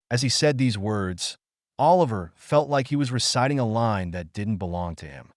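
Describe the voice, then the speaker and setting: A man narrates a melodramatic audio story in a scripted, dramatic manner. His pitch moves in a lively way. The recording is dry and close. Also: moderate pace, no echo.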